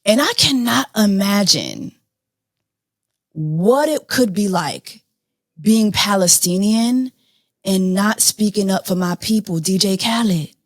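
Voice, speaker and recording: A woman hosting a podcast, talking through celebrity news in an animated, blunt, profane way. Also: mid-range voice, takes it slowly, dry recording, clean studio sound. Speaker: podcast host. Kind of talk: casual celebrity news chat.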